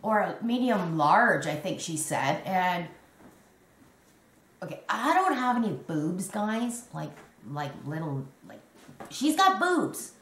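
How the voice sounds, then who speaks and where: Woman, 50s, slow and chatty home crochet vlogger who keeps restarting her sentences, in an echoey room. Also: on the low side, sing-song, a bit bright. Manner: rambling, chatty, restarts and giggles. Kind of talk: casual show-and-tell chat.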